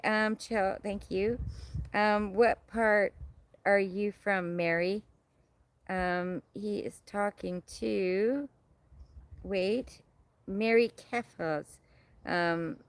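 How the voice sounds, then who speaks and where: A middle-aged woman from Canada hosting a casual livestream outdoors, chatting and reading viewer comments in a bubbly, hyper way. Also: medium pitch. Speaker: livestream host. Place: outdoors in her yard.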